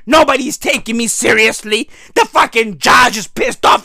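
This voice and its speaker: A hoarse man with a South African accent delivering a profane, comedic political rant, switching between English and Zulu slang. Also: very high voice, normal speed, pushed and bright, no room sound, clean studio sound. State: hoarse, clearing throat. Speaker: vlogger.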